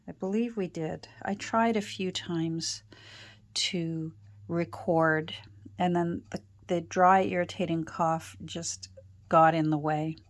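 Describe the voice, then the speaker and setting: A Canadian woman from Ontario chatting casually while she crafts, rambling with fillers and self-corrections, her voice still a little off after a sore throat. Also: fairly low pitch. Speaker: crafter and channel host. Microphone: own external microphone.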